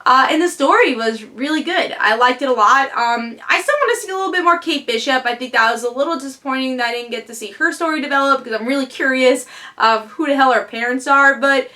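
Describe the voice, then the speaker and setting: A woman giving a casual comic book review on her vlog, excitable and fond of rhetorical questions. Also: high voice, fast talker.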